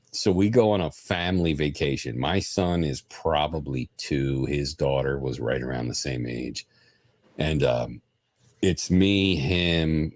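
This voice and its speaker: Animated, profane man telling stories. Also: rumbling low, dry recording, clean studio sound. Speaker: podcast host. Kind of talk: casual storytelling chat.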